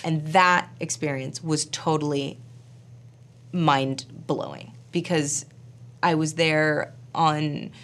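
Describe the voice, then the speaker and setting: A woman who acts and directs, telling a story in a casual interview, chatty and animated with plenty of fillers. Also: low voice, takes it slowly, a little hiss or hum. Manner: animated, chatty, full of fillers and quoted asides. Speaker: actor and film director.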